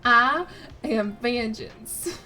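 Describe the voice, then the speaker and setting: A woman voicing Batman as a grim adult male vigilante with a put-on Southern American accent, speaking slowly and low. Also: expressive, sharp tone, faint music behind, heavily acted.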